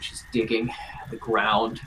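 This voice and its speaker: A man as game master, narrating a tabletop role-playing scene in a grave, unhurried second-person storytelling manner. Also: fairly low pitch, little pitch movement, sharp tone, slight background noise, low-quality recording.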